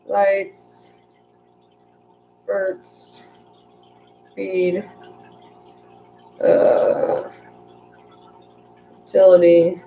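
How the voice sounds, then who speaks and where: A woman's voice: fairly low pitch, warm tone, lo-fi sound, slight background noise. A woman hosting a casual livestream, chatting in a rambling way and reading viewer comments aloud. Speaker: aquarium channel host.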